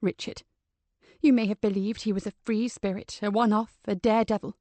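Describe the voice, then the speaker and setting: A woman's voice: medium pitch, a little fast, no room sound, natural voice. A woman reading a composed, grave older mother. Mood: tender. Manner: even, controlled, softly dignified.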